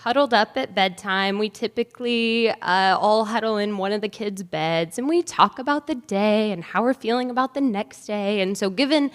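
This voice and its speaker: A woman in her thirties, a faculty speaker at a white coat ceremony, telling a personal story in a conversational, chatty way. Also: medium pitch. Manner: conversational, chatty, with light laughs. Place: large theatre. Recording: long theatre-hall reverb.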